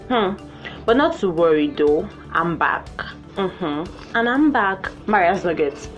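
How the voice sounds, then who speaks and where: A young woman hosting her own podcast in a playful, animated way, jumping to high excited exclamations. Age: young adult. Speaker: podcast host. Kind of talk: casual solo podcast chat. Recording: muffled lo-fi with faint music.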